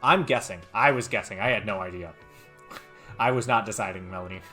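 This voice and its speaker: A man's voice: lowish voice, brisk, bright, forceful tone, faint music behind. A man hosting a game playthrough, chatting casually and poking fun at himself as he reads the game text. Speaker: let's play host. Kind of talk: casual gameplay commentary.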